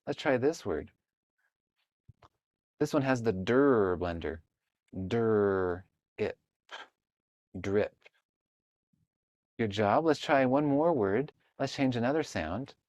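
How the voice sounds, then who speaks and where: A man's voice: mid-range voice, lively intonation, a little slow, a little mellow, no room sound. A man teaching a sample online reading lesson, patiently sounding out word parts and blending them into words. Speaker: reading tutor. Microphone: computer mic, online session.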